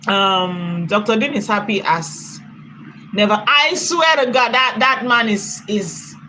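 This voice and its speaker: A woman's voice: medium pitch, slow pace, sharp tone, a little hiss or hum, poor audio. A woman with a Nigerian accent, chatting and commenting on a live stream, laughing often and thanking viewers for donations at length.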